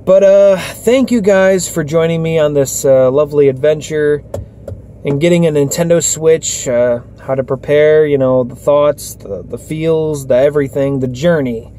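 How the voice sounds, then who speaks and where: A man's voice: a little high, measured pace, warm tone, slight background noise. A tired, worn-out young man vlogging casually into his phone camera, rambling with lots of fillers and restarts. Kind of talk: casual vlog talk.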